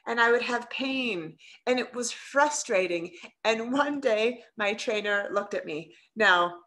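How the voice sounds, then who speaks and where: A middle-aged woman, a leadership coach, giving an earnest and expressive workshop talk to a group on a video call, asking them questions as she goes. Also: on the high side. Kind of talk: live online workshop talk.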